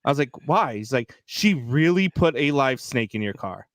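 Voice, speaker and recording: A man co-hosting a live sports talk show, telling stories in a lively, filler-heavy way. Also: mid-range voice, normal speed, no echo, clean studio sound. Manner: animated storyteller, many fillers. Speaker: podcast co-host. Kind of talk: casual live sports chat.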